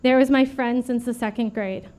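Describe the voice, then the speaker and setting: A woman in her late thirties giving an earnest prepared memorial speech at a vigil, steady and read from a script. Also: on the high side, normal speed. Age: late 30s. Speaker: vigil speaker.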